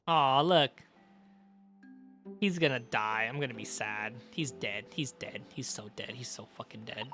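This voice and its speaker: A woman's voice: very deep voice, unhurried, fairly bright tone, faint music behind. A woman streaming a video game, reading the dialogue aloud in character voices and cursing in her asides. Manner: swings between character voices and swearing asides. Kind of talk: live game playthrough with read-aloud dialogue.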